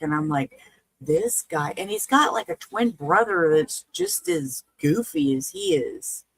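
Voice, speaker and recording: A woman's voice: fairly low pitch, animated, measured pace, no room sound, poor audio. A woman hosting a livestream in casual chat, talking in a chatty, frustrated way about her stream failing. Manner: chatty, frustrated, swearing and laughing. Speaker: livestream host reacting to body cam videos.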